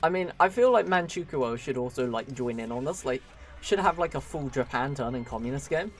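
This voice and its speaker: A man's voice: medium pitch, animated, fairly quick, faint music behind. A man giving casual, chatty commentary while live streaming a strategy game, laughing often and talking to his viewers.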